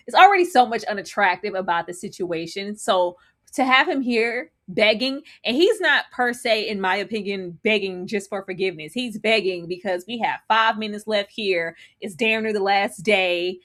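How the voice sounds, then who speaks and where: A woman co-hosting a live reality show recap, talking in an animated, dramatic way and mocking the people she discusses. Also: medium pitch, moderate pace. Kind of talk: casual live recap chat.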